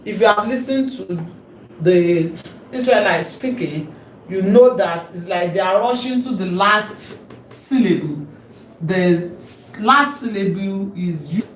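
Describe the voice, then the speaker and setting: Slow, emphatic woman teaching. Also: lowish voice, a little hiss or hum. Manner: repeats key terms slowly and emphatically. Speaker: Hebrew teacher. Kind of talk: classroom lecture. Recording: echoey room with faint ambience.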